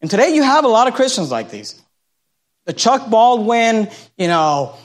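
A man with a high, light voice delivers a sermon. He preaches emphatically, slipping into mocking voices of the people he criticizes before landing his point. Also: sing-song, a little fast. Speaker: pastor.

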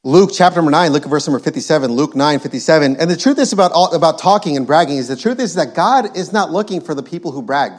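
Man, preacher, sermon, emphatic, repetitive, slightly high voice. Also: lively intonation, fast, hardly any pauses. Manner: emphatic, repetitive, quotes scripture.

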